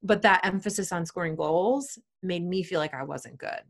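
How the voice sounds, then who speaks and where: A woman in her thirties giving animated interview answers and acting out what parents say to their kids. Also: moderate pace. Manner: animated, acts out parents' voices in higher tones. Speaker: guest, sports psychology expert.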